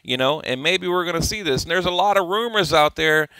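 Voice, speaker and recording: A man's voice: on the high side, lively intonation, brisk, bright, forceful tone, dry recording. A man hosting a casual boxing commentary, talking over clips in a rambling, profane, opinionated way with frequent restarts. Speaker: boxing channel host.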